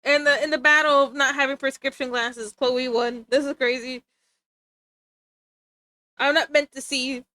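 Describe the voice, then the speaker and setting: High bright-voiced giggly woman streamer. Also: steady tone, a little slow, long pauses, no room sound. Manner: playful, giggly, mock-threatening. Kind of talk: casual live-stream chat.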